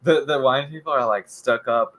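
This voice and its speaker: A man's voice: medium pitch, normal speed, over a noisy crowd, low-quality recording. A young man co-hosting a beer podcast, making dry teasing remarks. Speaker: podcast co-host. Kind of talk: casual chat.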